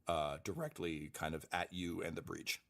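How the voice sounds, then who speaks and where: A low-voiced man narrates a tabletop game as game master. He fills his descriptions with ums and uhs as he thinks on the fly. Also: steady tone, normal speed, vocal fry, a bit bright. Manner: hesitant, many ums and uhs.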